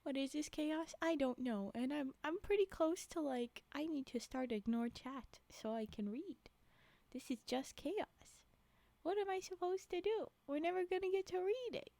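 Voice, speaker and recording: A woman's voice: high voice, normal speed, creaky, a little mellow, no echo. A young woman streamer chatting with her live chat, giggling and sleepy, reacting in exasperated disbelief. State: yawning, sleepy. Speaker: streamer reading stories to chat.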